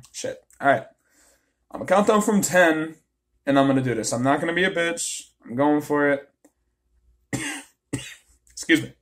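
Teen guy, unhurried husky delivery, high voice, blunt and profane home vlogger. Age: late teens. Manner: casual, blunt, swears freely. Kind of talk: casual vlog talk to camera. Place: at home, near a kitchen sink.

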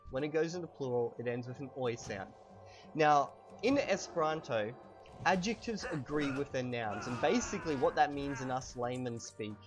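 A young man giving a casual language lesson while playing a video game, relaxed and chatty, slowly stressing words so they can be heard. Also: on the high side. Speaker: language teacher.

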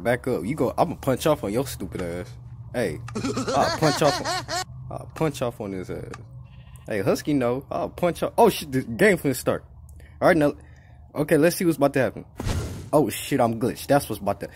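A man giving casual let's-play commentary, profane and excitable, trash-talking as he plays. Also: mid-range voice, fairly quick. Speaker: gaming YouTuber. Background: game music.

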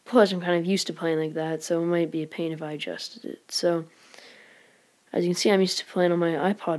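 Speaking briskly in a lowish voice, a woman rambles with excitement through her live gameplay commentary as a channel host. Exclamations come often, along with whispered asides.

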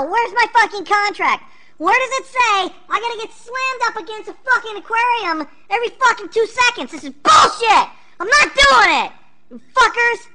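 A woman voicing an angry penguin on strike who rants, swears and shouts. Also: very high voice, exaggerated voice. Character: furious penguin on strike, foul-mouthed.

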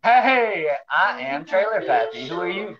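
A woman's voice: lowish voice, big pitch swings, measured pace, lo-fi sound, crowd noise. Woman doing a rowdy trailer park man. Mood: gruff.

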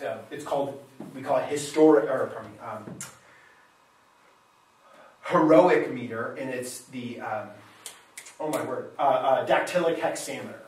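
A man's voice: mid-range voice, darkish tone, a little hiss or hum. A man teaching Latin in a classroom lecture, thinking aloud and correcting himself as he goes. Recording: very echoey room, mic far off.

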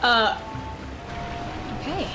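A woman giggling and exclaiming while playing a video game, chatting to the characters on screen. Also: drawn-out words. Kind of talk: let's-play commentary. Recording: voice over game music.

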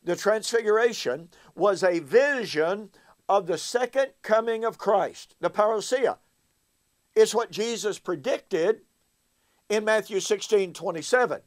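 Male Bible teacher, high voice, unhurried delivery, emphatic, leans on rhetorical questions.

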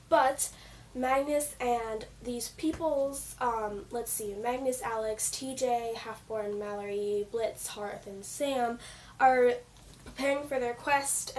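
Gushing woman with a croaky, fading voice. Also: on the high side. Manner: gushing, rambling with "like" and "so". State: losing her voice, croaky. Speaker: book reviewer. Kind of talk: casual book talk. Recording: slightly distant mic with faint noise.

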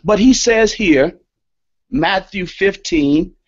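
Emphatic slow-preaching man, lo-fi. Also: high voice, animated. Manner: emphatic, repeats key statements. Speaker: lecturer. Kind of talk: sermon-style scripture lecture. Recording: dull lo-fi audio.

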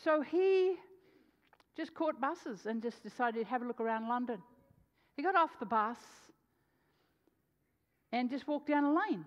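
A woman's voice: sits high, unhurried, long pauses. Woman preacher telling a story in a reverberant hall. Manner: animated storyteller, swings between loud and soft. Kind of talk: sermon storytelling. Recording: dull lo-fi sound with long hall reverb.

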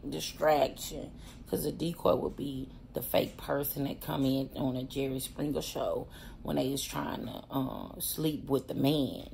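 Animated, laughing woman telling a story. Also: low voice, creaky, a little hiss or hum. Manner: animated, slangy, laughs often, talks straight to viewers. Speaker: pastor and prison wife. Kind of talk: casual storytelling vlog.

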